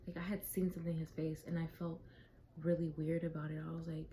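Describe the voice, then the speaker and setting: A woman's voice: low-pitched, level tone, quick pace, warm tone, slight background noise, poor audio. A young woman vlogger telling a personal story in a candid, profane, casual way, sometimes dropping to a whisper.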